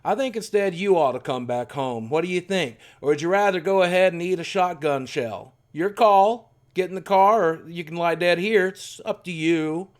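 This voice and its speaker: A man voicing his gruff old grandfather, a bullying figure who makes loud threats. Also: high-pitched, normal speed, few pauses, pitched above the performer's own voice, natural voice. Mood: menacing.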